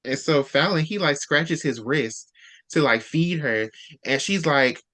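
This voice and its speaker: Host: man, mid-pitched, chatty book recap voice, acts out quotes on the fly. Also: expressive, sharp tone. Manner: retells scenes with quick quoted dialogue. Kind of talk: casual book discussion.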